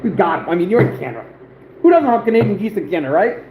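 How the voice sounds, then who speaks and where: A man's voice: sits high, sing-song, racing, phone-quality sound. A man hosting an outdoors livestream, chatting casually and rambling with many fillers as he talks to viewers. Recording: roomy echo, faint background noise.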